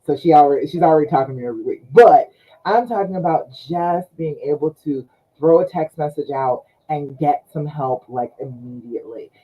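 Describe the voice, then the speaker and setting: A woman's voice: deep voice, brisk, dark tone, husky. A woman relationship coach talking to viewers on a live stream, chatty and coaxing, checking in with "okay?" often. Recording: dull lo-fi live-stream audio.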